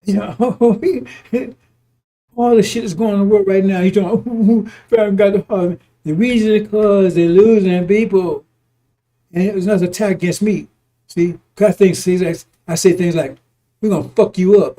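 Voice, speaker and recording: A man's voice: high-pitched, normal speed, mellow. A man giving informal, emphatic preaching on scripture. He repeats himself, chuckles often and swears freely. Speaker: religious teacher.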